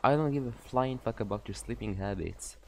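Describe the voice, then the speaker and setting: A man's voice: mid-range voice, fairly quick, noisy background, voice pushed up, close to an everyday voice. A man reading a brash, foul-mouthed young man from a game, blunt and impatient. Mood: gruff. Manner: swearing, blunt.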